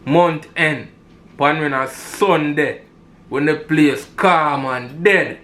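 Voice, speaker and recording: A man's voice: fairly high pitch, slow, fairly bright tone. A man with a Jamaican accent, giving heated commentary in patois and repeating himself for emphasis. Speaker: commentator reacting to robbery footage.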